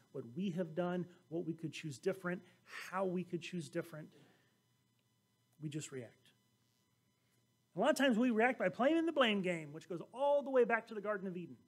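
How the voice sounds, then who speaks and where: A pastor preaches a sermon in a high voice, recounting scripture stories with animated storytelling and acting out the voices of the people in them.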